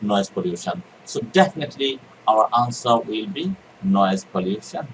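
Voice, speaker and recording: A man's voice: fairly low pitch, animated, moderate pace, far from the mic, slight background noise, poor audio. A man teaching an exam reading lecture, repeating key words and answering his own questions. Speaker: IELTS teacher. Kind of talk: recorded exam-prep lecture.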